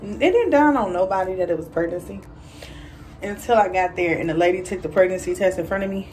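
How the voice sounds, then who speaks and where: A woman, chatting casually to camera in a vlog, a bit out of breath, with lots of fillers and animated quoted voices. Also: fairly low pitch, a little fast, recorded from a distance, low-quality recording. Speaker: vlogger. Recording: voice a little off-mic, faint music.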